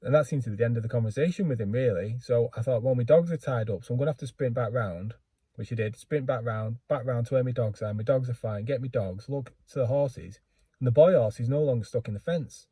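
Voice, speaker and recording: A man's voice: mid-range voice, fast, mellow, breathy edge, dry recording. A man telling a rambling, self-deprecating story in a casual vlog, full of fillers and restarts. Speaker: book vlogger.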